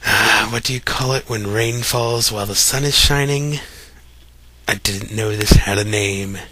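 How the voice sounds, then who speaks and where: A young man from Kentucky talks in a relaxed, chatty way with a light Kentucky accent. His voice sits a bit low but has a bright, forceful edge. He reads a list of words aloud one by one, like a casual home recording. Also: a little slow. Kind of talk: casual voice meme reading.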